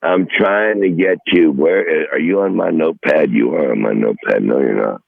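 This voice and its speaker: A gravelly older man in his sixties rants, combative and foul-mouthed, jumping from one grievance to the next. His voice has a rough, fried edge. It comes through dull and dry, like a muffled phone line. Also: very deep voice, normal speed, dry recording. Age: 60s. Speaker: regular comedic guest. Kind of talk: profane rant on a phone-in podcast.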